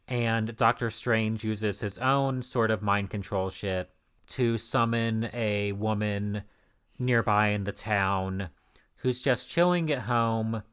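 Recapping an old comic on a podcast he co-hosts, a man offers dry, sarcastic, foul-mouthed commentary in this casual discussion. His voice is lowish, with a fairly bright, clean tone.

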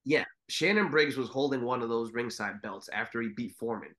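A man's voice: medium pitch, brisk, fairly bright tone. A man co-hosting a podcast, chatting casually and rambling with swearing. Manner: rambling, swears, mimics commentators. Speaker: podcast co-host. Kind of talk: casual chat.

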